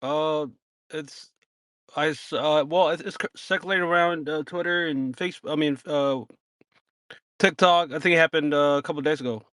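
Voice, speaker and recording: Hesitant man calling in, smooth voice. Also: on the high side, fairly even intonation, normal speed, fairly bright tone, no room sound. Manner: hesitant, full of fillers. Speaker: caller. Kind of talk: casual call-in talk.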